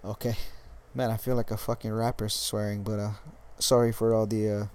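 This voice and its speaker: A young man from Hawaii with a Californian accent, giving dating tips in a casual vlog monologue, laid-back and halting, swearing freely. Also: on the low side, flat delivery, darkish tone, a little hiss or hum. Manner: laid-back, profane, halting with many restarts. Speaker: dating coach vlogger.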